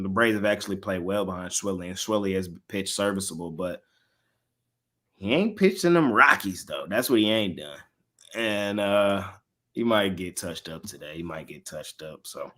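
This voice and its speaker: A man's voice: lowish voice, expressive, moderate pace, fairly bright tone. A man hosting a sports betting show, giving casual picks to his live chat and repeating lines for emphasis.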